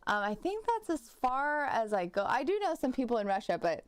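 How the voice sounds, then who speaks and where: A young woman talks loosely to her viewers while she games, drifting from one thought to the next and stacking up "like" and false starts. Her voice comes through smooth and clean. The sound is dry and close, with no room echo. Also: on the high side, sing-song, a little fast. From United States. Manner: rambling and chatty, full of "like" and restarts. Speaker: streamer. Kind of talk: casual live-stream chat while gaming.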